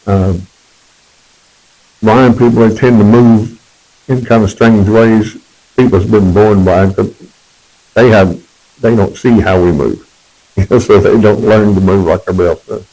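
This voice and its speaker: A man's voice: fairly low pitch, mellow, low-quality recording. A man telling his personal testimony in a rambling, conversational way, correcting himself as he goes.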